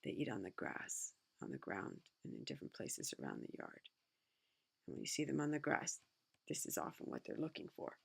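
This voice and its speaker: A middle-aged woman with a gravelly, creaky voice reads a children's picture book aloud. She keeps breaking off from the text to add chatty asides of her own. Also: extremely low pitch, huge pitch swings, fairly quick. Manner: chatty asides between read passages. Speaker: reader.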